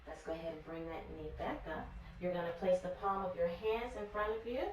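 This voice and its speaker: A woman's voice: on the low side, brisk. Encouraging woman teaching kids yoga. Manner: gentle, encouraging, repeats praise often. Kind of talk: guided yoga class for children. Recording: echoey room from far off with faint noise.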